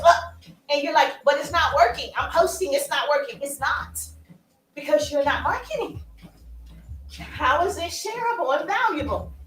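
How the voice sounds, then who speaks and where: High-voiced lady coaching as she walks, playful and punchy, roomy sound from a ways off. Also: distant mic. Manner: animated, playful and emphatic, with asides and laughs. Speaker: social media marketing coach. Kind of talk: energetic coaching talk to camera.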